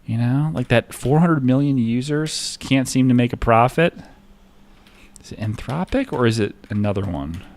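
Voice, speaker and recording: A man's voice: mid-range voice, animated, moderate pace, a little mellow. A man chatting casually on a live stream while trading, rambling and profane, with lots of filler words. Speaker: livestreamer trading stocks.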